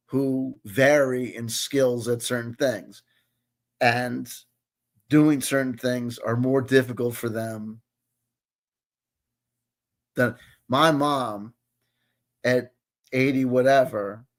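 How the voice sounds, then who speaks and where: A man's voice: medium pitch, fairly even intonation, slow, pauses often. A man in his late forties hosting a casual reaction commentary, rambling and swearing, constantly checking in with his listener. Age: 40s. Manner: rambling, profane, keeps asking "you know what I mean". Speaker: host.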